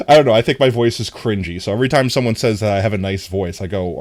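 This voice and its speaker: A man's voice: on the low side, quick pace, hardly any pauses, a little mellow, no echo. A man streaming a game, chatting casually with his viewers, with a somewhat nasal voice. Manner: chatty, talks to viewers while playing. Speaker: livestreamer.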